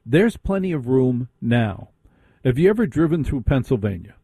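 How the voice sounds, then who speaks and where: A man's voice: mid-range voice, very animated, normal speed, creaky, dark tone, slightly rough, dry recording. A man hosting a late-night call-in radio show, bantering and teasing callers with dry humor. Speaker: radio host.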